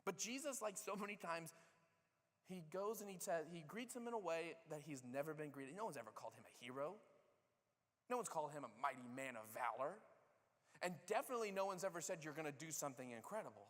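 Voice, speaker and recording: Preaching fast in a church sanctuary, the pastor's slightly high voice carries the long echo of the large hall. He recounts the story casually and with energy, acting out the words of each character.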